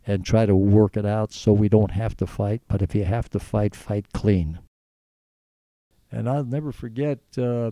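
A man's voice: on the low side, dark tone, no echo. An older man being interviewed, telling stories from his past in an earnest, rambling way with many restarts. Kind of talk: storytelling in conversation.

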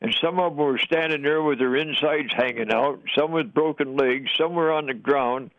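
A man's voice: on the high side, normal speed, no echo. An older man, a war veteran, telling his story in a plain-spoken, folksy way and chuckling as he goes. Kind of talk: oral history storytelling. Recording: dull, dry lo-fi recording.

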